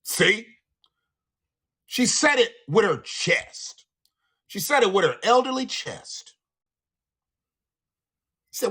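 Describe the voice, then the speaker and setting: A man hosting a live stream, ranting in a profane, animated way with laughing asides. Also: high voice, slow, long pauses, husky. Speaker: livestream host. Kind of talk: live commentary rant.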